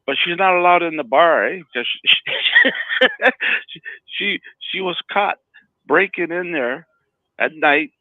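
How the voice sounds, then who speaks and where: A man's voice: a little high, expressive, slow pace, pauses often, no room sound. A man telling rambling stories in a casual chat as co-host, often stammering and laughing. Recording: dry, phone-like line.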